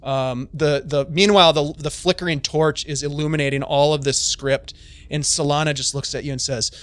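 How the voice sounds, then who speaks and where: A man's voice: on the high side, fairly even intonation, normal speed, fairly bright tone, dry recording. A man narrating a tabletop game on a live stream as game master, chatty and full of fillers.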